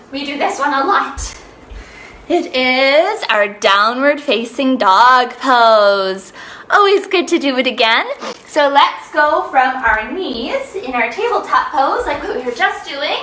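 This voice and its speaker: A woman's voice: high-pitched, animated, takes it slowly, sharp tone, roomy sound, far from the mic, poor audio. A young woman leading a children's yoga lesson, playful and sing-song, making animal sounds as she teaches.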